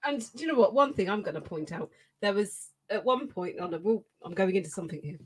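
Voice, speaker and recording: Giggly woman, slightly husky. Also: mid-range voice, fast talker. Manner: giggly, animated retelling. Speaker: podcast co-host. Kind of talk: casual chat.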